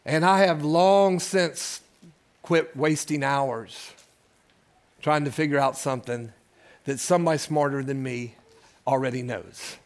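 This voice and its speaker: A man's voice: fairly high pitch, unhurried. A pastor in his sixties preaching a sermon, moving between folksy storytelling and fervent appeals, with call-outs to the congregation. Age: 60s. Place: church service.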